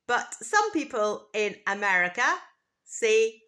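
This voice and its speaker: Slow, bright-voiced teacher woman. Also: mid-range voice, animated. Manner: repeats each word slowly and clearly, contrasting pronunciations. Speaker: English pronunciation teacher. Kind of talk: slow, deliberate scripted teaching.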